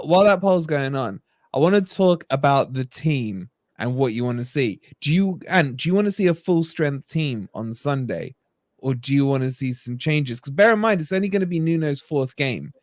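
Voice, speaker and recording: English host on a dry call mic. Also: male voice, medium pitch, lively intonation, no echo. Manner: brisk, addresses the chat directly. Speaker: host running the stream. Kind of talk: casual live-stream chat. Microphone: remote call mic.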